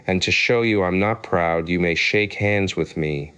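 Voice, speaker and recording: Storybook Humpty Dumpty: a man reading a lofty, argumentative egg, low-pitched and smooth, quick to take offence. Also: sharp tone, muffled recording. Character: pompous touchy egg-shaped man on a wall.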